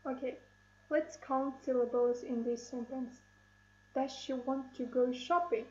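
A woman teaching an English lesson, speaking slowly and clearly, breaking words into syllables. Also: high voice, steady tone, mellow. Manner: slow, clear, syllable-by-syllable instruction. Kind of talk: online classroom lesson. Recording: roomy, dull lo-fi recording.

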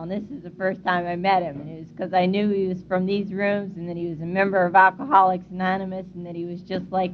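A woman introducing the speaker at a meeting in a chatty, relaxed way. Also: lowish voice. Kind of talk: casual introduction. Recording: dull lo-fi tape with faint hiss.

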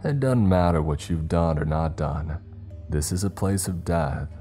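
A man's voice: deep voice, a little slow, warm tone, faint music behind. A man voicing a cruel male captor with an Australian accent, speaking in a sneering, threatening way. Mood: menacing.

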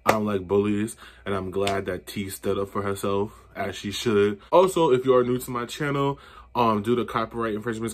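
A man's voice: lowish voice, a bit bright, slight background noise. A young man hosting a casual reaction video, chatty and opinionated, swearing now and then. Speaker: YouTube reaction host.

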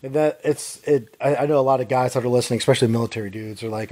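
A man's voice: mid-range voice, steady tone, rapid-fire, dark tone, no room sound. Earnest rambling man on a podcast, dry sound. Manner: earnest, rambling, frequent "like" and restarts. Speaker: podcast co-host. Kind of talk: casual chat.

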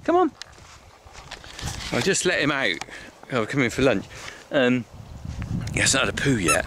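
A man's voice: fairly high pitch, very animated, moderate pace, pauses often, very noisy. A man vlogging casually at home, talking to his new puppy in sing-song baby talk. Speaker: farmer vlogger. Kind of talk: casual vlog.

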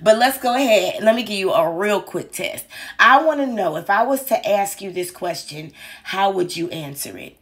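A woman's voice: medium pitch, expressive, normal speed. A woman in her forties hosting a casual online commentary show, talking candidly and playfully, swearing and laughing at her own jokes. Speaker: commentary channel host.

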